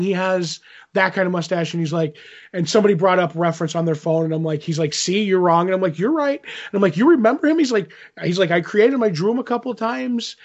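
A man with a high-pitched voice, recorded with the highs cut off, chats casually. He tells a rambling story about a convention, saying "I'm like" a lot and acting out the quotes.

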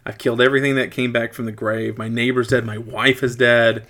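A man's voice: medium pitch, fairly quick. Man animatedly recapping a film. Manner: animated retelling with wry asides. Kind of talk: casual movie recap chat.

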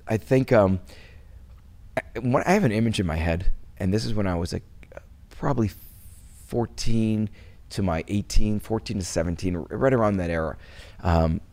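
A middle-aged man from Wisconsin, USA, gives a casual interview at a moderate pace, his voice very low and gravelly. He rambles, frequently restarting, and quiets down when speaking of loss.

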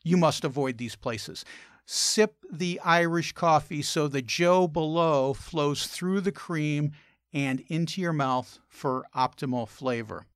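A man's voice: fairly high pitch, slow, fairly bright tone, smooth, dry recording, clean studio sound. A man hosting a travel and food show, narrating wry anecdotes in a scripted style.

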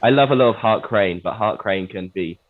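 A man from England co-hosting a casual talk about poetry. He speaks in a measured, hedging way and thinks aloud as he explains. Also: lowish voice, noisy background. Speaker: podcast co-host. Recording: tinny phone-like line.

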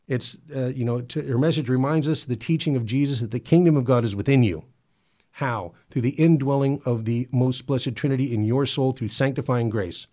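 A man's voice: mid-range voice, warm tone. A man giving earnest Catholic commentary, often repeating words and stumbling as he presses his point. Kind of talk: spoken commentary and exhortation.

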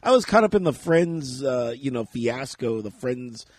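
A man hosting a casual podcast chat, quick to laugh and to act out how he reacted in jumps of voice. His voice sits in an ordinary middle range, and the close recording is dry, with no room sound. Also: medium pitch, no echo. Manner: animated, laughs often, acts out his own reactions. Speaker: podcast host.

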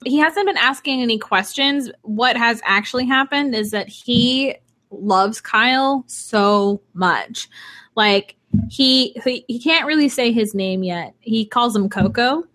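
A young woman and single mother chatting casually as a podcast co-host, telling animated stories. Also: fairly high pitch, slow. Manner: chatty, animated storyteller with laughs. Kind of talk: casual chat.

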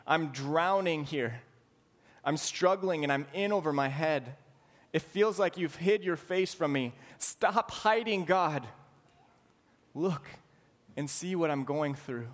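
A man's voice: on the high side, slow pace, voice pushed up. A man voicing a desperate psalmist who cries out to God in an impassioned plea. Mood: pleading. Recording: long hall reverb.

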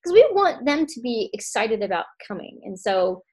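A woman's voice: fairly high pitch, very animated, normal speed. A woman, a chiropractor guest on a podcast, talking casually with lots of fillers and restarts. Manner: warm, chatty, many restarts and fillers.

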